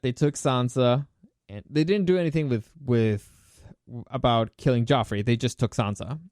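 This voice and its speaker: A man hosting a podcast, rambling through a long retelling and acting out characters in quick voices, often correcting himself. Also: medium pitch, a little mellow, no room sound, clean studio sound. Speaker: podcast host. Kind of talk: casual storytelling monologue.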